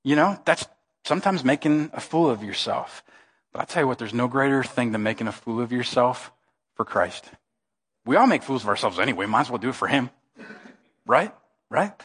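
A male pastor, preaching an emphatic, animated sermon. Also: mid-range voice, fairly quick, pauses often, husky. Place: church sanctuary. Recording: reverberant church hall.

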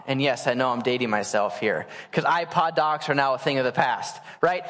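Animated man telling a sermon story. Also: high-pitched, brisk, hardly any pauses. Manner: casual, animated storyteller acting out quotes. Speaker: pastor. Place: church sanctuary. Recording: church hall reverb.

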